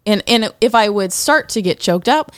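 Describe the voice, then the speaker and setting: A woman's voice: medium pitch, animated, normal speed, no echo, clean studio sound. A woman co-hosting a podcast, talking candidly and reflectively about personal experience, with many fillers and restarts. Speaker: podcast co-host. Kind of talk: casual personal conversation.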